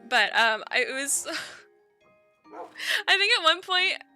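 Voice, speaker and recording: Slow, bright, and forceful, this young Eastern Canadian woman's high, expressive voice comes over faint music as she streams a game. She chats casually and laughs often, telling giggly, rambling stories.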